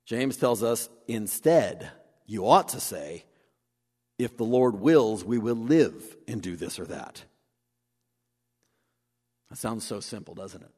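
A man preaching a sermon, animated, acting out the voices he quotes. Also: on the low side, slow pace. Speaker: pastor. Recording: long hall reverb.

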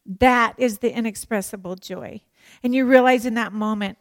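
A woman teaching a sermon to women, animated and emphatic, with playful joking asides. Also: fairly high pitch, moderate pace, dry recording. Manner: animated and emphatic, acts out prayers and quotes.

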